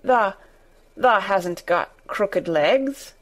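A woman voicing a tactless old male gardener with a Yorkshire dialect and a shaky, hoarse, quavering voice. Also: mid-range voice, lively intonation. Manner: slow, quavering.

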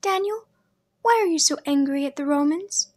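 A woman reading an audiobook, voicing a timid, sheltered young woman who asks soft, childlike questions. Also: high-pitched, animated, normal speed, dry recording, voice pushed up. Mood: pleading. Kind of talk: audiobook character voice.

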